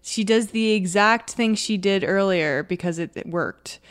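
A woman's voice: medium pitch, unhurried, smooth. Female podcast co-host, casual chat, retells film scenes playfully. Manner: laughing, retells scenes in quoted voices.

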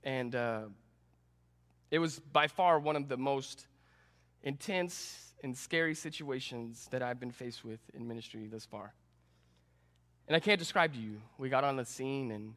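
A young adult man, a student pastor, preaching a sermon and telling a personal story with animated, self-deprecating humor. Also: medium pitch, measured pace, pauses often. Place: church sanctuary. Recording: long reverb in a church hall.

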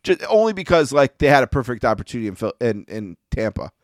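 A man's voice: mid-range voice, sing-song, quick pace, dry recording, studio quality. A man co-hosting a podcast in casual chat, rambling and easygoing with plenty of fillers. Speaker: podcast co-host.

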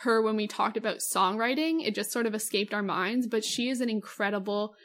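A woman's voice: mid-range voice, brisk, a bit bright. A young woman co-hosting a casual podcast, talking in a gushing, enthusiastic way with lots of fillers. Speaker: podcast co-host. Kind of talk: casual chat.

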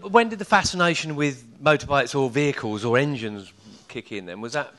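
A man's voice: mid-range voice, lively intonation, brisk, a bit bright. Guy hosting a chatty interview, short questions, lots of right and yeah. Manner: brief prompting questions and acknowledgements. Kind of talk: casual interview.

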